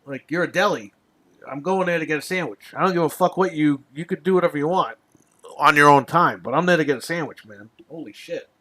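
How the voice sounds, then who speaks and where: A man rants casually on his podcast, exasperated and swearing through a long story. His voice sits a little high with a bright, tense edge. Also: fairly quick. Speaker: podcast host. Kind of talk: casual ranting chat.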